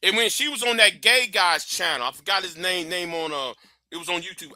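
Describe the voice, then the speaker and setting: Man, live stream host, ranting monologue, very high voice, dry close sound. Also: brisk, dry recording. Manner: heated, profane, rising to shouts. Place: warm indoor room with a fan.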